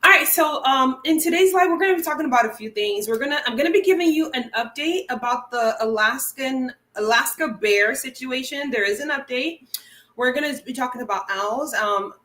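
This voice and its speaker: Woman host, casual livestream chat, bright higher voice, filler-heavy; echoey home room. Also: expressive, a little fast. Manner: chatty, laughs often, many fillers. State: teary burning eye. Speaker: wildlife channel host.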